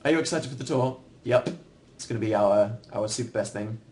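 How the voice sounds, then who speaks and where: A man's voice: on the low side, brisk, background noise. A young man hosting a casual livestream, answering viewers in a rambling, self-deprecating way with dry humor. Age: young adult. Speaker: livestream host.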